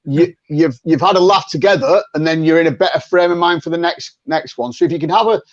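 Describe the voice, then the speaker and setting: A man's voice: a little high, fast talker, no echo, dull audio. A man, a sales coach talking as a podcast guest in a chatty way, often repeating words as he restarts and acting out sample phone calls. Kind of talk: conversational interview.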